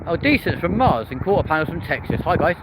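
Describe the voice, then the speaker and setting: A man, giving excitable live commentary outdoors by an airport and chatting with viewers by name. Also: fairly high pitch, fast. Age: early 30s. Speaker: live-stream plane-spotting host. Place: outdoors near a busy airport and street. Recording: outdoor stream with loud traffic and urban noise.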